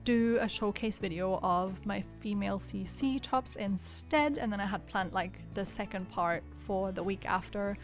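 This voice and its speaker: A young woman in her twenties recording a casual chatty voiceover from home, her voice weak and cracking, speaking in a subdued, rather monotonous way and laughing often. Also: mid-range voice, moderate pace, few pauses, soft background music. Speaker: video creator.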